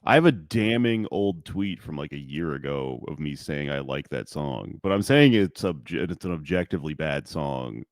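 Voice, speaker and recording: A man's voice: rumbling low, lively intonation, normal speed, few pauses, no echo, studio quality. A man co-hosting a podcast, talking casually in a wry, self-deprecating way. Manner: wry, self-deprecating, swings into loud bursts. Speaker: podcast co-host. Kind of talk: casual chat.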